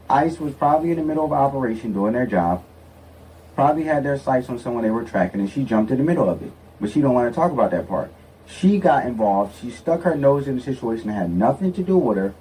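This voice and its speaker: A man's voice: mid-range voice, dark tone. A man giving blunt, sarcastic opinion commentary, stressing his points emphatically. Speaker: political commentator. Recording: distant mic with faint noise.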